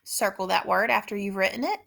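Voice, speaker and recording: A woman teacher giving a spelling dictation lesson, speaking slowly and repeating each word with patient care. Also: medium pitch, vocal fry, a bit bright. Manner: slow, patient, repeats words carefully.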